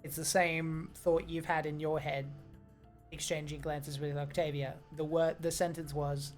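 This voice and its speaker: A woman narrating as game master of a tabletop game, describing scenes with many pauses and fillers. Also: low-pitched, level tone, faint music behind.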